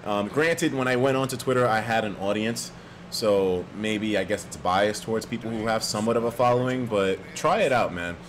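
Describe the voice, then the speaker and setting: A man chatting casually on a live stream, profane and animated, reading out viewer donations with sudden loud jumps in pitch. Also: normal speed, slight background noise. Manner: reads viewer donations aloud.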